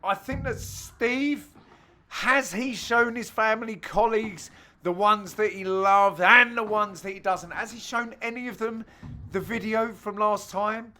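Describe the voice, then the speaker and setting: A man hosting and giving jokey, self-mocking commentary over amateur match highlights, with sudden loud exclamations. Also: fairly even intonation, a little slow. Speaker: host and commentator.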